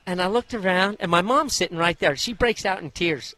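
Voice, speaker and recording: A man from Idaho tells stories from his jockey years in a folksy, animated way, acting out the voices of the people in them. His voice sits a bit higher than most men's. He talks like someone sitting for an interview. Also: a little fast, dry recording. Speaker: former jockey telling his story. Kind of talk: interview storytelling.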